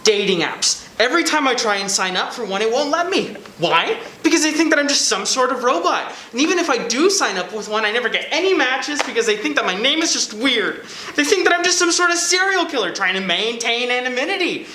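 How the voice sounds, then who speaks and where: A young woman plays an awkward support group member who rambles through her woes. Her voice is bright and a little sharp. The room sounds echoey. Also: a little high, sing-song, brisk, few pauses, a little hiss or hum. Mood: self-pitying. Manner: self-pitying, rambling complaints. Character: awkward young person named after a cactus. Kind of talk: student sketch comedy acting.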